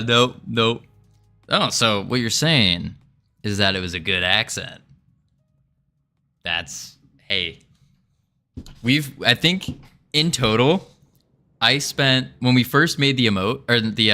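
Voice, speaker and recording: Slow-talking man with a bright, tense voice. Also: mid-range voice. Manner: thinks aloud, self-narrating, joking and rambling. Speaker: indie game developer streaming. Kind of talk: casual live-stream chat while coding.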